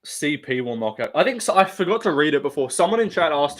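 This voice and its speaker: A man's voice: on the high side, very animated, fast talker, a bit bright. Rambling, profane young male streamer. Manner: rambling, profane, laughs often. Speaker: live streamer. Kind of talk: casual live-stream chat.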